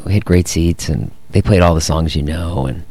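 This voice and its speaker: A man's voice: sits low, normal speed, darkish tone, slightly rough, no echo. A man from Boston who speaks without an accent, chatting as a guest and telling wry stories. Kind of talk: casual chat, storytelling.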